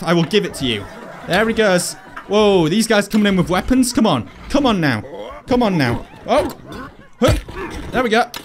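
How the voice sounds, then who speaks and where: Upbeat young male game host, high-pitched, talks excitedly to his enemies while he plays. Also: noisy background. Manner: excitable, playful, chatty with enemies. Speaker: gaming video host. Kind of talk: VR gameplay commentary.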